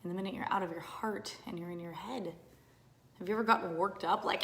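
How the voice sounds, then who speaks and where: A woman coaching in a casual live stream, talking to viewers with hyped energy, dropping into whispers and then bursting into loud exclamations. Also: fairly low pitch, fairly even intonation, fast talker, vocal fry. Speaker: business coach. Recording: roomy echo.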